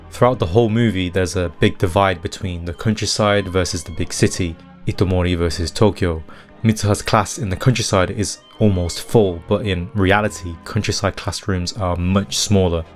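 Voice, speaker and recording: A man narrating a scripted video essay, giving his analysis with critical opinions. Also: sits low. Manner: analytical, critiquing translation choices. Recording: faint guitar music behind.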